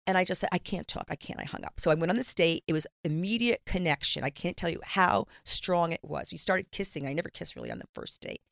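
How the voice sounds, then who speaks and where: A middle-aged woman telling a personal story in casual chat, candid and lively, acting out the voices she quotes. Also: lowish voice, quick pace, vocal fry, hardly any pauses, no echo, clean studio sound. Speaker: guest.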